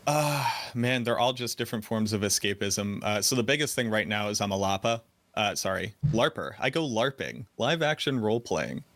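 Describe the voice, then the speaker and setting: A man from Boston's North Shore with a faint local accent talks through his stories on a casual podcast. His voice sits on the low side, and he jokes about himself in a relaxed, chatty way. The sound is close and dry. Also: normal speed, no room sound. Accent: light Boston. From North Shore of Boston, USA. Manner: chatty, self-deprecating storyteller. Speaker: guest content creator.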